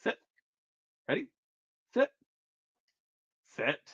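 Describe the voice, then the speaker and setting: A man's voice: extremely slow, no echo, muffled recording. A man from the United States hosting a casual live stream, chatting in a rambling, self-correcting way while recovering from surgery. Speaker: livestream host.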